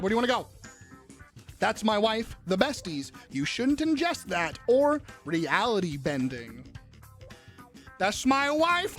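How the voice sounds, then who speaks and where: A woman hosting a live-stream trivia game, excitable and profane, often breaking into shouts and squeals. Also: medium pitch, moderate pace, faint music behind.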